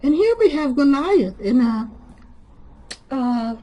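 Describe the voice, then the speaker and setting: A very high, shrill-voiced sassy church lady, as a man puts her on. She drawls with sugary sarcasm, calling everyone honey. A comedic character monologue. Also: very animated, slow, dark tone, full character voice. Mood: mock admiring. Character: sassy sharp-tongued churchgoing woman.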